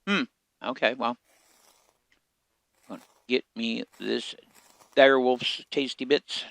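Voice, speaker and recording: Casual male game commentator, gravelly voice, dry close mic, easygoing muttering style. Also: mid-range voice, slow pace, dry recording. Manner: relaxed, muttering to himself while playing. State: hiccups. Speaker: game streamer.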